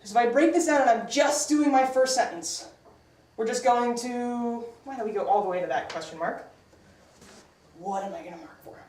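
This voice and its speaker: A woman teaching an English class, brisk and upbeat as she quizzes her students. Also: a little high, darkish tone. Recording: echoey classroom from far off.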